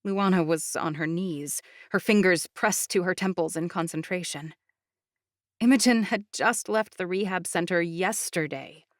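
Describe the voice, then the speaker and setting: A woman's voice: on the low side, measured pace, no room sound. Woman narrating an audiobook, dry. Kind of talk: scripted first-person narration.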